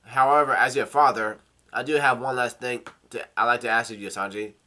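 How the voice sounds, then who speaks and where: A man reading the lines of a stern, cold aristocratic father aloud from a comic, in a flat voice with halting restarts. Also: mid-range voice, natural voice.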